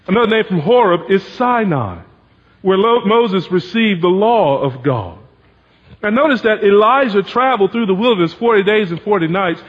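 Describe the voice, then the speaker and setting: A man preaching a sermon as pastor, animated, acting out the voices he quotes. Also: high voice, big-room sound, highs cut off.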